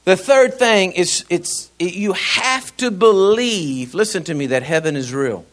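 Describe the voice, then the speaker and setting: A male pastor, telling a personal story in a sermon, laughing and animated. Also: high-pitched, unhurried.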